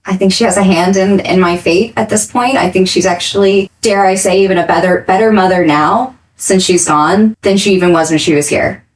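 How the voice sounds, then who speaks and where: A young adult woman speaking as a podcast guest, earnest and reflective, rushing some phrases and slowing on others. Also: medium pitch, fairly even intonation, poor audio. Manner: earnest and reflective, quick bursts between slow phrases. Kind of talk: candid interview talk.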